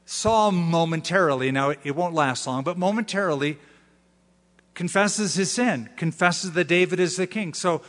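A male pastor delivers a sermon in a voice pitched somewhat high, keeping it animated and joking as he acts out the people he quotes. His words ring out with the long reverb of a large hall. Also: normal speed.

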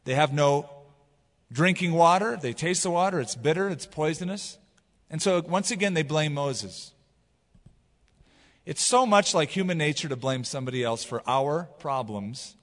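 A man preaching a sermon as pastor, retelling scripture in a casual, animated way. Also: on the high side, normal speed, long reverb tail. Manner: casual, animated storytelling with paraphrase.

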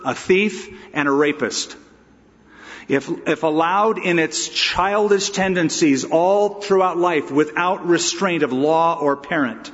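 A man's voice: on the high side, a bit bright, in a large hall, lo-fi sound. A pastor giving an emphatic, conversational expository sermon, asking his listeners rhetorical questions.

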